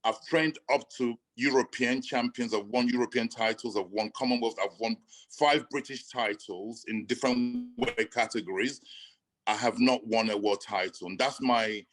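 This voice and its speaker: Earnest middle-aged man, emotional and halting. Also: mid-range voice, low-quality recording. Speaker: boxing coach guest. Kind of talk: interview conversation.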